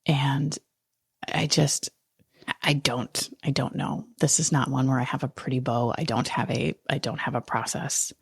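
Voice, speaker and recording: A woman's voice: very deep voice, steady tone, a little slow, vocal fry, husky, dry recording, studio quality. A woman hosting a podcast, talking through a raw, angry personal monologue and swearing freely. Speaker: podcast host.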